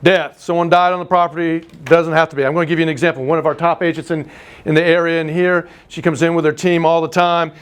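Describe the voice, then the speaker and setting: Animated man teaching a class. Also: on the high side, clear, resonant tone. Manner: animated storyteller, teasing, quick asides. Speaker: real estate instructor. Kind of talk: live class lecture with anecdotes.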